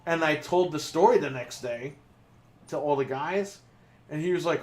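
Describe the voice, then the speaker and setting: A man's voice: on the high side, fairly quick. Casual swearing male gaming podcast co-host. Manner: swearing, storytelling with laughs. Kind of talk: casual chat while playing a game.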